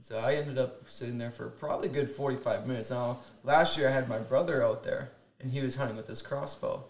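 A man's voice: medium pitch, a little fast, slight background noise. A man hosting a podcast, telling a long hunting story in a casual, rambling way and chuckling at his own tales. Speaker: podcast host. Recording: roomy with faint ambience.

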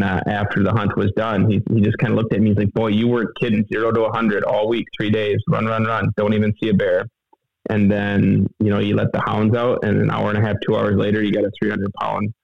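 A middle-aged man telling a story in a casual interview, halting, rambling and earnest, heard over a phone line. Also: lowish voice, creaky, no room sound. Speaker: guest telling a hunting story.

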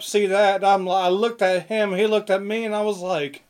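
A young man chatting on a podcast, rambling through a story with lots of fillers and restarts and plenty of swearing. His voice sits a little higher than most men's. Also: fairly even intonation, normal speed. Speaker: podcast co-host. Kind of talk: casual chat.

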